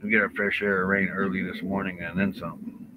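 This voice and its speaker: A man co-hosting a travel live stream, chatting casually outdoors at a campsite, laid-back and quick to laugh. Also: low voice, level tone, noisy background. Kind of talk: casual chat.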